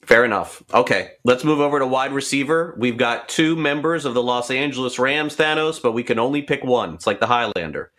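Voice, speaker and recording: Bright-voiced male sports host. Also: medium pitch, brisk, few pauses. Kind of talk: casual sports talk.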